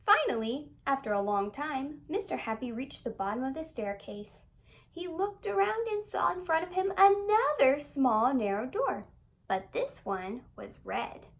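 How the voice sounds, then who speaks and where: Woman, children's book read-aloud, high voice, very lively, singsong, expressive. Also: a little slow. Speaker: storyteller.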